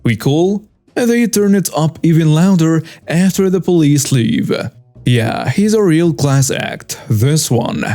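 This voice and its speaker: Mellow-voiced man narrating a story. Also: fairly high pitch, lively intonation, a little slow, faint music behind.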